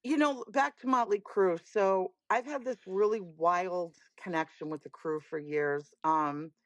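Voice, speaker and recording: A woman guest on a chat podcast, telling animated stories with lots of emphasis. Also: mid-range voice, unhurried, dry recording, dull audio. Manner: lively storyteller, animated and emphatic. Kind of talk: casual chat.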